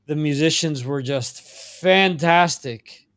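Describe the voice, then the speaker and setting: A man from the United States hosting a casual music chat podcast, relaxed and unhurried, with lots of fillers and restarts. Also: on the high side, gravelly. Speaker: podcast host.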